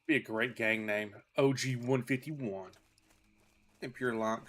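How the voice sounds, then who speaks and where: A man's voice: medium pitch, steady tone, slow pace, a bit bright. A man in his thirties streaming a game, chatting casually in a rambling, self-deprecating way. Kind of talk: casual chat while playing.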